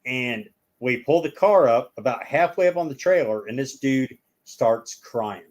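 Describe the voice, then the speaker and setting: A man's voice: medium pitch, lively intonation, a little slow, highs cut off. A man telling long stories as a guest in a casual chat, rambling and acting out the people in them.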